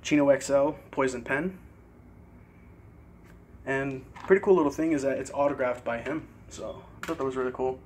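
A young man casually showing his CD collection in a vlog, relaxed and a bit hesitant, pausing over tricky words. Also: mid-range voice, a little hiss or hum. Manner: relaxed, hesitant with fillers and careful pronunciation. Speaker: vlogger. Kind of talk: casual CD collection show-and-tell.

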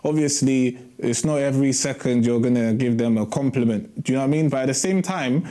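A man's voice: medium pitch, fairly quick, dark tone. A man in a couple's argument explaining his side, stumbling and restarting as he talks. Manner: hesitant, stumbling restarts, talking over her. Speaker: guest in a couple's dispute. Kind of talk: casual debate.

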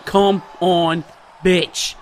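A man giving excited live gameplay commentary as a YouTuber, full of loud yelps, shouts and trash talk. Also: high voice, drawn-out words, a little hiss or hum. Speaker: gaming YouTuber.

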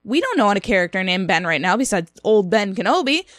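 A woman's voice: mid-range voice, big pitch swings, fairly quick, no room sound, clean studio sound. A woman co-hosting a casual film review podcast, sarcastic and incredulous as she picks things apart. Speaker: podcast co-host.

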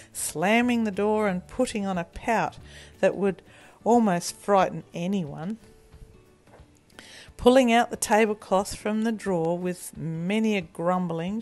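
A woman reading a children's storybook aloud in a gentle, expressive way. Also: on the low side.

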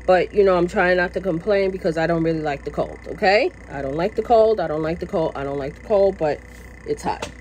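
A woman's voice: lowish voice, brisk, slight background noise, low-quality recording. A woman vlogging casually from her workplace, chatty and passionate, repeating herself and tagging her lines with "okay?". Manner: passionate, now and then gets loud. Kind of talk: casual chat to camera. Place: at work, indoors.

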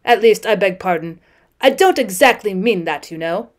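A woman's voice: medium pitch, lively intonation, normal speed, pitched below the performer's own voice, lightly acted. A woman voicing a genial, gossipy male otter in a storybook reading, drawling in a chummy way.

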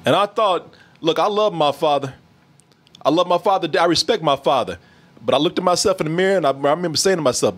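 A man's voice: a little high, expressive, fast. A man hosting a podcast, telling a funny childhood story in casual chat, laughing often and acting out the quotes. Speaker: podcast host.

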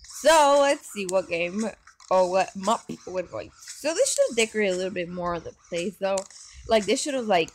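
A woman giving casual gameplay commentary on her phone, excitable and full of gasps and exclamations. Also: mid-range voice, normal speed, faint music behind. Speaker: gaming channel host. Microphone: phone microphone while screen recording.

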